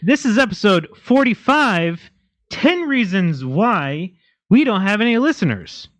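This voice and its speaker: A man hosting a podcast, relaxed, with dry quips and short replies. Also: high-pitched, unhurried, no echo. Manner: laid-back, dry quips and short backchannels. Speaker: podcast host. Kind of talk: casual chat.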